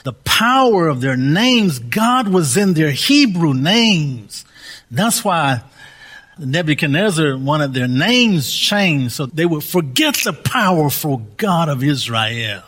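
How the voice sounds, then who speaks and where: A man's voice: a little high, big pitch swings, takes it slowly, fairly bright tone. A male pastor preaching a sermon, repeating key phrases for emphasis and leading the congregation in spoken declarations.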